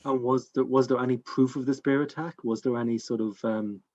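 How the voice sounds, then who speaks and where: A man's voice: medium pitch, steady tone, brisk, darkish tone, lo-fi sound. A man playing a tabletop game, asking questions in a casual, inquisitive way and often restarting his sentences. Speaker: player.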